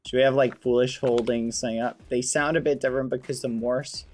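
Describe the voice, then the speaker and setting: A man's voice: medium pitch, fairly even intonation, a little fast, darkish tone, faint music behind. A man live-streaming a game, talking straight to his chat and swapping swear words for clean ones.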